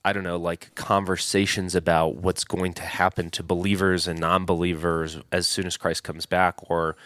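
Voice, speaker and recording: A man with a low, resonant voice co-hosts a talk podcast. He asks long questions in a hesitant, rambling way, and the recording is dry and close. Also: level tone, moderate pace, a bit bright, no room sound. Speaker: podcast co-host. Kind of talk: casual discussion.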